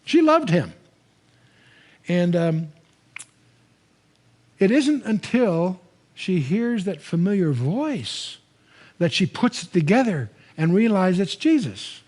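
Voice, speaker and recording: An older man teaching the Bible to a live audience, telling the stories in a conversational, animated way with frequent restarts. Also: high-pitched, takes it slowly, pauses often.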